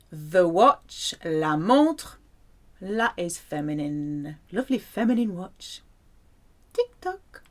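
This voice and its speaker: A woman teaching a French lesson in a playful way, saying the French words slowly and clearly. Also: lowish voice. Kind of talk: language lesson to camera.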